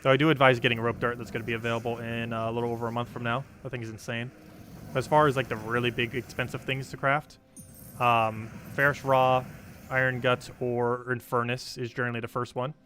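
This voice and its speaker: A young man chats casually on a game livestream, answering chat and rambling through strategy tips with plenty of ums and likes. His medium-pitched voice is flat, brisk, and a bit bright, with a little hiss or hum.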